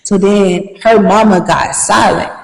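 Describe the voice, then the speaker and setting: Animated young woman telling a story in an echoey room. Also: medium pitch, measured pace, creaky. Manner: animated, vivid storyteller with slangy asides. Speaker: podcast host. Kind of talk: casual storytelling. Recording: echoey room, mic at a distance.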